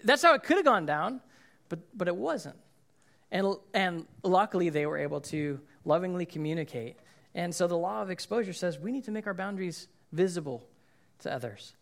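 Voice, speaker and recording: A man's voice: high-pitched, moderate pace, vocal fry. A man preaching a sermon in a casual, conversational way, often checking in with listeners and acting out what people said. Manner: acts out quoted people in lively voices. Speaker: pastor.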